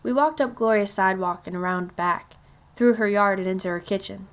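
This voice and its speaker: A woman narrating a children's novel aloud in a calm, even storytelling manner. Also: medium pitch, a little fast. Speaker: reader.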